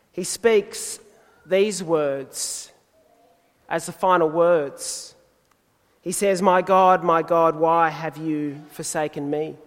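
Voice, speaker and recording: A man preaching a sermon in a measured, deliberate way, pausing for emphasis. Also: fairly high pitch, big-room sound.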